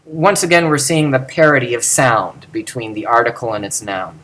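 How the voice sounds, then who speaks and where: A middle-aged man giving an unscripted video lecture, thinking aloud with many pauses, fillers and restarts. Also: medium pitch, steady tone, fairly bright tone. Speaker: lecturer on Greek pronunciation.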